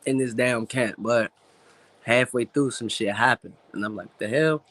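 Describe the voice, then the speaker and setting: A man's voice at a middle pitch, recorded close and dry with no room sound. He is a boxer sitting as a guest and tells personal stories candidly, swearing freely, with emotion whenever his late father comes up. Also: fairly even intonation, measured pace, fairly bright tone, dry recording. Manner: candid, profane storytelling. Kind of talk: casual interview talk.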